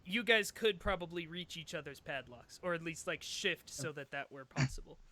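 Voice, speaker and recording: High bright-voiced male game master. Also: moderate pace. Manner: laughs easily while narrating. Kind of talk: narrating a tabletop game.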